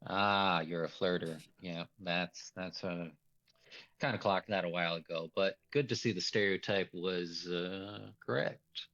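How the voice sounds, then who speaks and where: A man's voice: sits low, steady tone, unhurried, a bit bright, highs cut off. A man running a tabletop role-play as game master, talking in a loose, rambling way and laughing often.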